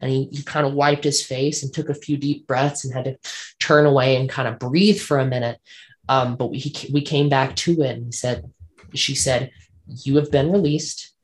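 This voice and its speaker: A man's voice: medium pitch, fairly even intonation, moderate pace. A man, a guest on an interview show, telling a personal ghost story earnestly and vividly, repeating phrases for emphasis.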